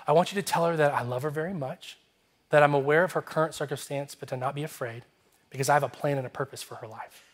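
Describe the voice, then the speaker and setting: A kind, fatherly God speaks softly and gently, as a male pastor puts him on in a sermon story. The voice drops a little lower and quieter than an ordinary speaking voice. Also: fast talker, natural voice. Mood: gentle.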